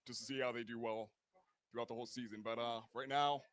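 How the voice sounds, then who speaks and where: A man with a middle-pitched, ordinary voice hosts a football livestream. He offers slow, measured analysis, padded with "uh" and "I mean", and sends the broadcast to breaks. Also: little pitch movement, fairly bright tone, dry recording. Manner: measured, filler-heavy analysis. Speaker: color commentator and stream host. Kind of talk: live football commentary.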